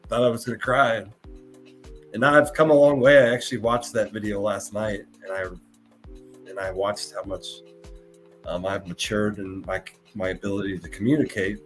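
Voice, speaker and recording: A man hosting a live podcast, talking in an earnest, emotional way and often stopping to repeat and restart his words. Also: mid-range voice. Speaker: podcast host.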